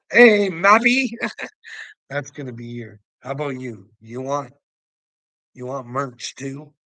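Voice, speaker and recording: A man's voice: mid-range voice, fairly even intonation, a little slow, no room sound, low-quality recording. A man rambling to viewers, laughing constantly, swearing and taunting someone.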